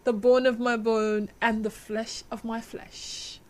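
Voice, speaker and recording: A woman's voice: a little high, level tone, takes it slowly. A Nigerian woman voicing a romantic husband who declares he has found his soulmate in a solemn, mock-poetic way.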